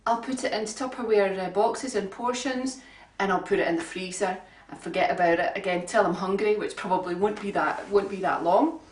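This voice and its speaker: A woman giving a relaxed, homely cooking demonstration in her kitchen, chatting along with frequent ums. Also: mid-range voice, fairly quick, few pauses. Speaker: home cook. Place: home kitchen. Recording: roomy kitchen sound from a distant mic.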